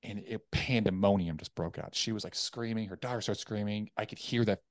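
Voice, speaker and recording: A man's voice: on the low side, a little fast, no echo, clean studio sound. A man guest on a podcast, telling a personal story candidly and acting out the voices of others. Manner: candid, animated retelling with acted quotes.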